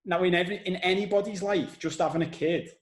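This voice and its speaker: A man with a Scouse accent hosting a podcast, telling stories in an animated, casual way and swearing now and then. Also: sits high, fast talker, echoey room, poor audio. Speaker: podcast host. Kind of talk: casual conversational podcast chat.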